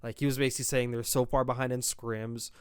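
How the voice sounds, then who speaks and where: Rambling young man with a smooth, clear voice. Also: mid-range voice, little pitch movement, fast, no echo, studio quality. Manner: rambling, opinionated, self-interrupting. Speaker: podcast host. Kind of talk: casual solo esports commentary.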